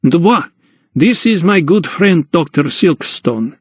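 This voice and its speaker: A man's voice: a little high, animated, takes it slowly, slightly rough, no room sound, voice pushed up, exaggerated voice. A man voicing a small, eager count, a sociable nobleman who greets people in an effusive, familiar manner. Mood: boastful.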